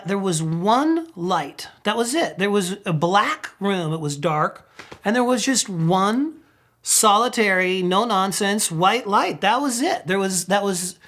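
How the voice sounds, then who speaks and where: A middle-aged man, a rock singer, telling road stories in a casual interview, laughing often and swearing freely. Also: high-pitched. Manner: acts out quotes with sudden loud outbursts.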